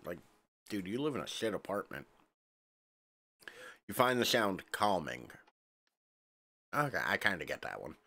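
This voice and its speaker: A man's voice: low voice, very animated, a little slow, pauses often, pushed and bright. A male streamer reading a narrative game aloud, dropping casual, wry asides between the lines.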